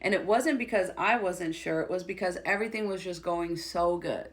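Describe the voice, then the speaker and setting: A woman's voice: on the low side, normal speed. A woman giving emphatic, opinionated commentary on a reality show, reading out quotes and reacting to them. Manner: reads quotes aloud, then opinionated and emphatic. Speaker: commentary creator.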